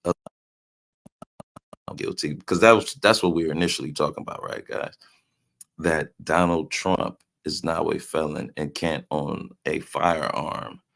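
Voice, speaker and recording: A man's voice: rumbling low, creaky, a bit bright. A man hosting a casual live stream, teasing his chat with loose slang and frequent laughs. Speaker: livestream host reading chat.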